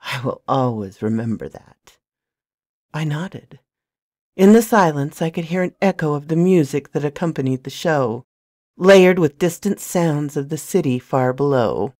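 A woman narrating a novel in the first person with a soft, hushed delivery on a close mic. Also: low-pitched, normal speed, no room sound. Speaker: storyteller.

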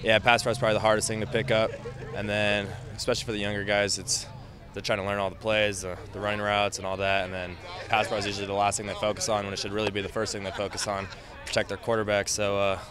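A young man, a college running back, talks reporters through his plays after a scrimmage. His manner is relaxed and easygoing, and his voice sits a little low. He speaks outdoors. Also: fast, crowd noise. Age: young adult. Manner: relaxed, easygoing, laughs between phrases. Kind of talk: post-practice press interview.

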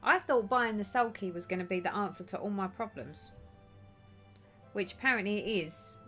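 A woman's voice: medium pitch, normal speed, a bit bright, soft background music. A woman hosting a casual stitching livestream, chatting and reading viewers' comments aloud with a lot of giggling. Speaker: livestream host.

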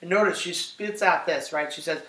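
A man teaching a class on scripture, animated, asking questions and often checking in with "right?". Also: fairly high pitch, normal speed, recorded from a distance. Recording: roomy echo from off-mic.

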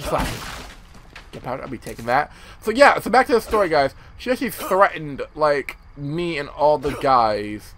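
A young man casually commentating a horror game, excitable and profane, rambling as he plays. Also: fairly high pitch, slight background noise. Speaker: gameplay commentator. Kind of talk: casual let's-play commentary.

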